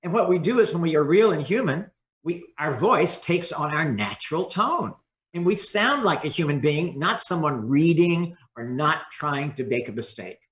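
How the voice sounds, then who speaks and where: A man in a podcast interview, coaching on how to speak. His voice sits a little high and turns expressive as he acts out different tones. The recording has a roomy echo around him. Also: moderate pace. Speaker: communication coach and guest.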